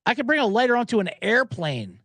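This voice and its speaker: A man's voice: extremely high pitch, big pitch swings, quick pace, fairly bright tone, dry recording. A man hosting a sports betting podcast, rambling and joking, and getting worked up now and then. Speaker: podcast host.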